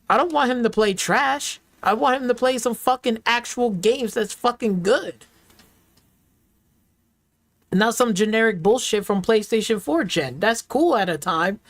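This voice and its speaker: A man's voice: high-pitched, no room sound. A man ranting in heated, profane slang as a reaction streamer, repeating himself and trash-talking rivals.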